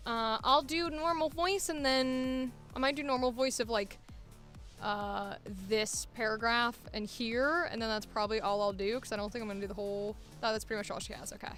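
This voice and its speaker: A woman's voice: on the high side, fairly bright tone. A woman voice actor chatting casually while preparing auditions, thinking aloud and interrupting herself. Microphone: headphones monitoring at a home recording setup.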